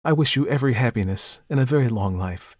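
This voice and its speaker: A man's voice: mid-range voice, fairly quick, a little mellow, no echo, clean studio sound, pitched above the performer's own voice, lightly acted. A man reading aloud, voicing a jealous, proud elder sister with a cold, clipped manner.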